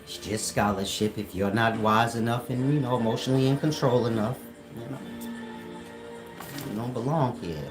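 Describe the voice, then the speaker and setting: A man's voice: medium pitch, normal speed, over music, poor audio. A man in casual online talk, slangy and mocking, who laughs often at his own jokes. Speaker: online commentator.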